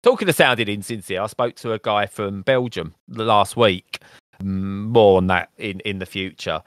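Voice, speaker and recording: Sarcastic low-voiced man. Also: normal speed, fairly bright tone, no echo. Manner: sarcastic, jokey. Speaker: podcast co-host. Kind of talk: casual chat.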